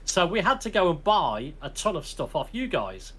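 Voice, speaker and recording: A man's voice: fairly high pitch, big pitch swings, moderate pace, sharp tone, slightly rough. A man with a British accent, hosting a podcast and telling a long, rambling army anecdote in casual chat, laughing often and restarting his sentences. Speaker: podcast host.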